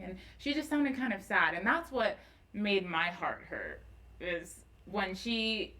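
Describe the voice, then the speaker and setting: Bright-voiced young woman telling stories. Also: mid-range voice, big pitch swings, slow, rough recording. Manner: earnest, emotional storytelling. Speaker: guest, morning news anchor. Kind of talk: casual chat.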